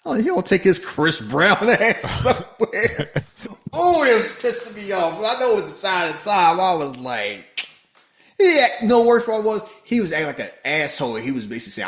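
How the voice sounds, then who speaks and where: A man co-hosting a casual movie-review podcast, joking and animated, often slipping into mock voices. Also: moderate pace, roomy sound. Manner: animated, jokey, slips into high-pitched mock voices. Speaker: podcast co-host.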